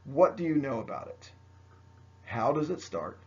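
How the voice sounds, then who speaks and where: A man's voice: mid-range voice, very animated, unhurried, gravelly, a little mellow, lo-fi sound. A man teaching a history lesson by video, chatty and joking, speaking straight to his students. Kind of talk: recorded video lecture.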